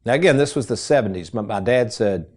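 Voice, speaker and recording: A middle-aged man hosting a financial radio show, telling folksy stories in a casual, animated way. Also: mid-range voice, quick pace. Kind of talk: casual radio chat and storytelling.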